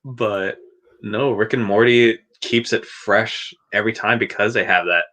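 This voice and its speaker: Bright-voiced man, rambling casual chat. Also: fairly low pitch, fairly even intonation, measured pace. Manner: rambling, restarts often, laughs between points. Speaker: podcast co-host.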